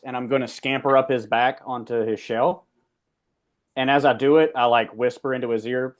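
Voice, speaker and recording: Male player, mid pitch, rambling speechmaker. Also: steady tone, unhurried, darkish tone, clean tone. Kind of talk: tabletop role-play.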